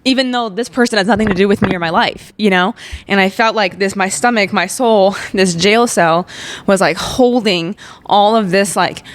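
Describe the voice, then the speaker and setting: A woman's voice: medium pitch, moderate pace. A young woman in her twenties hosting a podcast, telling a personal faith testimony in a candid, emotional way with lots of "like" fillers. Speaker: podcast host.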